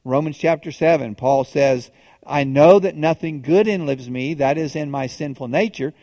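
Guy preaching a sermon, kinda high voice, chatty, keeps restarting, long hall echo. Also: moderate pace, mellow. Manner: conversational preaching with restarts and rhetorical questions. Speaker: pastor.

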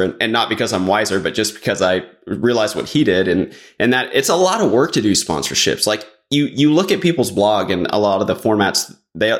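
Guy rambling on a podcast, says like a lot, kinda low voice. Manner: rambling, many "like" fillers. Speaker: podcast guest. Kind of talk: casual chat.

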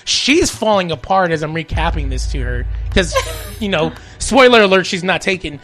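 A podcast host in relaxed storytelling mode, laughing often and acting out each quoted line. The voice swings up and down in pitch, and faint music runs underneath. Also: moderate pace. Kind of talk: casual storytelling chat.

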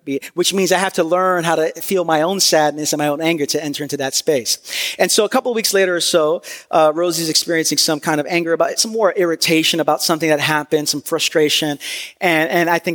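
A middle-aged male pastor from New York preaching a sermon, telling stories in an animated, self-deprecating way. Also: fairly high pitch, fast. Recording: long hall reverb.

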